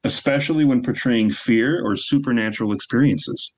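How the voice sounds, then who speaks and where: A man's voice: medium pitch, moderate pace. A man who writes the show, chatting casually on a podcast in a rambling way. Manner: rambling, many restarts.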